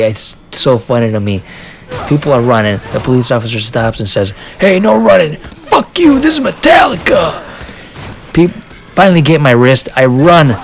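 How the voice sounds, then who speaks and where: A man vlogger telling a casual story in an animated way, often laughing and acting out what people said. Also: medium pitch, slight background noise. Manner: restarts and fillers, says dude.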